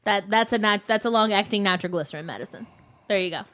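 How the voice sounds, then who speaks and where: A woman's voice: medium pitch, pushed and bright. A woman who works as a nurse, co-hosting a podcast and teasing the others in casual chat. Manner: quick, teasing.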